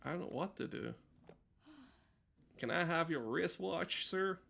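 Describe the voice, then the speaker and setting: A man's voice: fairly high pitch, lively intonation, measured pace, creaky, bright, forceful tone. A man giving comedic let's-play commentary, rambling with absurd jokes and asides as he plays. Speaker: gameplay commentator.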